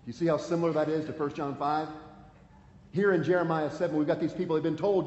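A man's voice: medium pitch, steady tone, fast, a little mellow, a little hiss or hum. A man preaching a sermon, earnest and pleading, reading scripture aloud with emphasis. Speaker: pastor. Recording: echoey hall, dull lo-fi sound, faint ambience.

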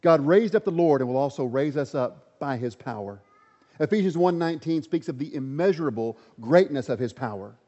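A man's voice: a little high, expressive, fairly quick, dark tone. A man preaching a sermon, reading scripture aloud and repeating lines with rising emphasis, in a large hall. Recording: muffled sound with long hall reverb.

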